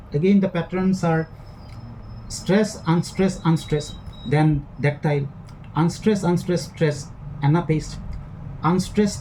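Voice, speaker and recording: A man's voice: fairly high pitch, warm tone, slight background noise, rough recording. A man teaching a recorded lecture, explaining step by step with frequent fillers and restarts.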